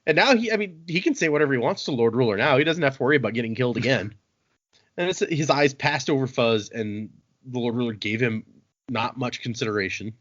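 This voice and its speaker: A man's voice: medium pitch, quick pace. A man hosting a podcast, retelling a book's plot in casual chat and acting out the quotes as he goes. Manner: animated, laughing, acts out quotes. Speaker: podcast host. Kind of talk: casual book-club chat, retelling a story. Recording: dull lo-fi podcast audio.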